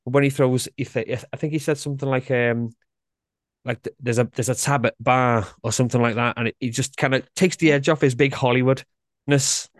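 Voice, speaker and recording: A man hosting a casual podcast chat, playful and quick to restart his sentences. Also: mid-range voice, fairly even intonation, no room sound, clean studio sound. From Yorkshire, England. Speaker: podcast host.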